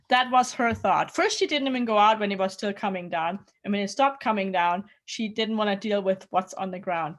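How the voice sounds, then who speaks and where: A woman's voice: mid-range voice, expressive, normal speed, hardly any pauses. A woman hosting a live online event, talking in a chatty, upbeat way with many fillers. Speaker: host. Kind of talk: casual livestream chat.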